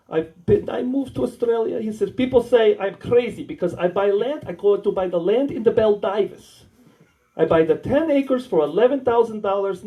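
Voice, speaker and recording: High, lively American stand-up man. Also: poor audio. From United States. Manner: crude, rambling anecdotes with acted-out dialogue. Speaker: stand-up comedian. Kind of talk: stand-up storytelling. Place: small warehouse comedy night.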